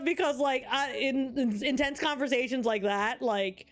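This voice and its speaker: A woman's voice: sits high, unhurried. A young woman co-hosting a podcast in casual book-club chat, giggly and rambling, full of filler words. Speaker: podcast co-host.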